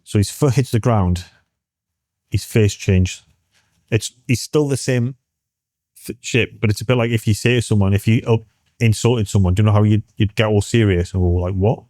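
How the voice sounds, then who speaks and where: A British man in his forties, a military veteran telling a story in an interview, halting and restarting as he acts out what others said. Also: on the low side, mellow, no room sound, studio quality.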